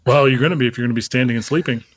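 A man's voice: medium pitch, very fast, husky, no echo, studio quality, close to an everyday voice. A man improvising an exasperated parent who keeps taking privileges away from his son. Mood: stern. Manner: stern, taking things away. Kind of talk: improv comedy sketch.

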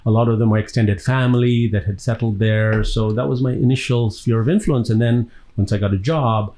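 A man from Tanzania, an actor being interviewed, telling long, lively stories with a laugh between them. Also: medium pitch, brisk, rough recording. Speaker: actor guest. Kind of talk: casual interview storytelling.

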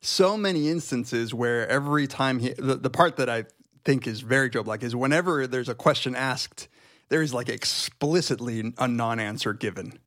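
A man's voice: medium pitch, fairly bright tone, no echo, studio quality. A middle-aged man in a casual film discussion, hesitating and repeating words as he thinks aloud. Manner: halting, repeats words while searching for thoughts. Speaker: podcast panelist.

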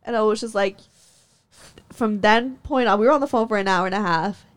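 A woman's voice: a little fast, clear, resonant tone. A young woman telling a personal story in casual chat, heated and profane, laughing often and full of "like" fillers. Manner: jumps in pitch when worked up.

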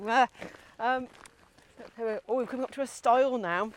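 High-voiced chatty woman walking outdoors. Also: a little slow, slight background noise. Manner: chatty, self-mocking. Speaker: podcast co-host. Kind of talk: casual walking chat. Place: outdoors, countryside walk.

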